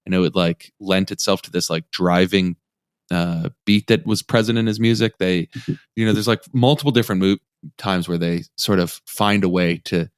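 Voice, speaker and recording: A man co-hosting a casual podcast chat, talking in halting, self-interrupting runs. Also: sits low, clean tone, dry recording, clean studio sound.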